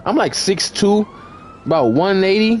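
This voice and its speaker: A young man tells a long story over game voice chat, cursing freely and tripping through "like" and restarts. His slightly high voice swings widely in pitch as he acts out the lines. Faint sirens and street noise sit behind him. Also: animated, a little slow. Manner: rambling, profane, full of "like" and restarts; acts out quoted lines, shouting and laughing. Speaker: gamer in voice chat.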